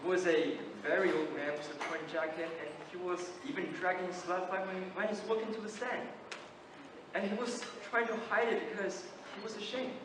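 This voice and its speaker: A teenage young man acting a gentle, thoughtful elderly juror who speaks hesitantly in a school stage play. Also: high voice, fairly even intonation, brisk, lightly acted. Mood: reflective. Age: late teens. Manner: soft, reflective, hesitant. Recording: echoey hall from far off, background noise.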